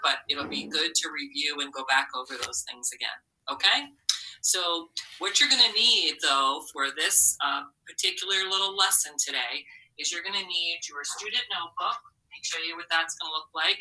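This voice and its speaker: A woman, a literacy specialist, teaching a recorded phonics lesson to children, slow and encouraging, carefully sounding out letters. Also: low voice, sharp tone, distant mic, poor audio.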